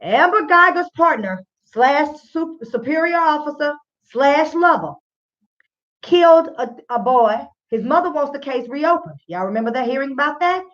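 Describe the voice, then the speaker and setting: Woman host, fairly high voice, chatty direct-address commentary, slightly muffled recording. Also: expressive, moderate pace, fairly bright tone. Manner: conversational, addresses listeners directly as y'all. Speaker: radio show host. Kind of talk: casual spoken commentary. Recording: slightly dull lo-fi sound.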